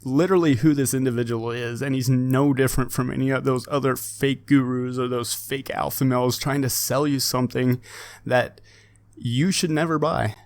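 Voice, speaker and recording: A man of middle pitch delivers his opinion straight to camera, pressing his points hard and circling back to repeat them. The sound is close and dry, with no room around him. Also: steady tone, moderate pace, dry recording. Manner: emphatic, repetitive, with many restarts. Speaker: fitness channel host.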